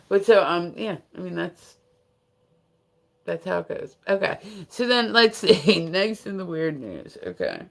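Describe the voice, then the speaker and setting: A woman's voice: lowish voice, wildly swooping pitch, measured pace, creaky, low-quality recording. An American woman hosting a livestream, chatting casually and rambling with many restarts and fillers. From United States. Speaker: livestream host. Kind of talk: casual chat.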